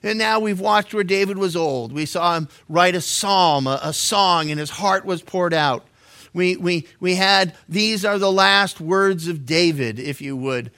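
A middle-aged pastor teaching scripture, his voice pitched high for a man and bright, almost sharp. He talks casually and cracks jokes, often tripping over his words and restarting as he goes. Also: a little slow. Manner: conversational and joking, with frequent stammered restarts. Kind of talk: verse-by-verse Bible teaching.

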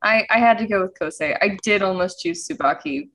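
A woman's voice: mid-range voice, lively intonation, fairly quick, gravelly, a bit bright. A woman in casual conversation over a video call, laughing easily and gushing. She acts out quoted lines with feeling, and her voice sits in a middle range for a woman. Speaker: podcast co-host. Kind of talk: casual chat about an anime.

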